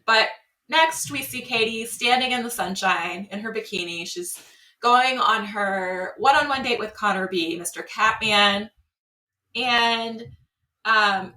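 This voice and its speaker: Bright-voiced woman recapping, roomy and distant. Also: medium pitch. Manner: animated storytelling with acted-out quotes. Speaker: podcast co-host. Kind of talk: casual recap chat.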